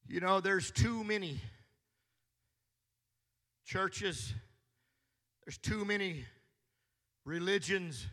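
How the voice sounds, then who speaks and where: A man preaching a sermon, speaking slowly and building from hushed tones up to shouting. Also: sits high. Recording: long hall reverb.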